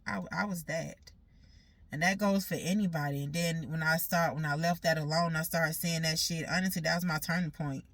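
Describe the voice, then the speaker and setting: A woman's voice: sits low, steady tone, brisk, fairly bright tone, dry recording. A woman giving an emotional personal monologue, talking bluntly with lots of swearing and repeating herself, sounding hurt and aggrieved. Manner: blunt, profane and repetitive.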